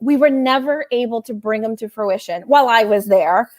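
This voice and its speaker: Chatty higher-voiced woman on a call. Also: normal speed, darkish tone. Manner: chatty, conversational, laughs easily. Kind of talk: casual chat.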